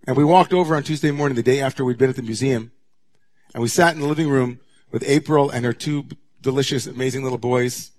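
Male rabbi, mid-pitched voice, sermon delivery with dramatic hush-to-raised swings. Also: quick pace.

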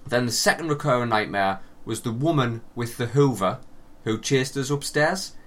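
A man's voice: mid-range voice, normal speed. A young man with a Northern English accent, co-hosting a casual chat and animatedly acting out his stories with plenty of swearing. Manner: animated storytelling, acts out quotes, swears a lot. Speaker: podcast co-host.

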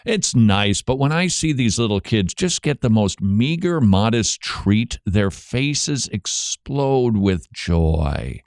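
A man hosting a talk radio show, speaking in a conversational monologue with quick asides and self-corrections. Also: lowish voice, no room sound, clean studio sound.

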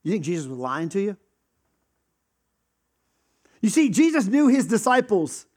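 A man with a high voice preaches a sermon. His delivery is conversational, and he breaks into quick acted voices for the people in the stories he tells. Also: very animated, a little mellow. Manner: conversational, acts out quoted voices. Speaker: pastor.

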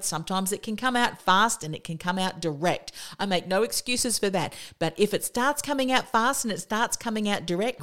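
A woman business coach hosting a motivational podcast who talks quickly and with emphasis, repeating her key points. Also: on the low side.

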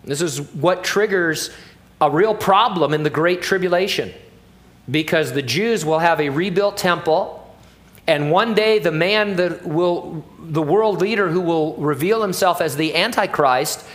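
A man's voice: fairly high pitch, measured pace. A middle-aged male pastor preaching an expository sermon in a conversational, joking way, full of asides and fillers.

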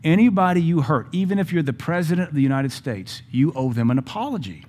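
A man preaching a sermon in a blunt, emphatic way, with sudden loud stresses, acting out the people he quotes. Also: a little high, lively intonation, fast.

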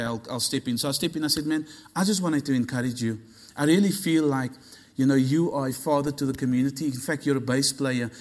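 A man preaching a sermon, telling a story in an animated way and acting out the dialogue. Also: fairly high pitch. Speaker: pastor.

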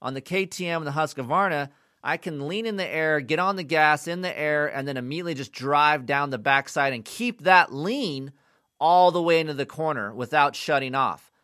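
A man's voice: a little high, normal speed, pushed and bright, no echo, clean studio sound. A man giving a casual, rambling motocross bike review, blunt and often profane.

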